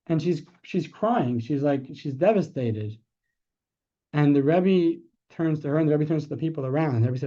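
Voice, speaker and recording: A man teaching a class as a rabbi, telling a story in a conversational way, correcting himself, and growing animated when he makes his point. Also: a little high, moderate pace. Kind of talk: storytelling lecture. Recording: dull lo-fi sound.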